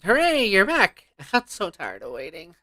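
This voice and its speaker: A man voicing a small, eager dinosaur monster from a game, high and excited. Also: moderate pace, exaggerated voice.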